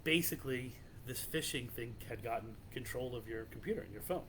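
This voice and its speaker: A man's voice: mid-range voice, fairly quick, noisy background. A man hosting a podcast, casually telling a creepy legend in a loose, rambling way with many restarts. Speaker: podcast host.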